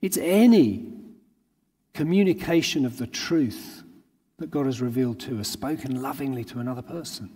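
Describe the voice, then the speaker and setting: A man's voice: mid-range voice, normal speed, warm tone, husky. A man giving an earnest sermon at a conference, drawing on everyday anecdotes to make his points. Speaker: conference speaker. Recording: long hall reverb.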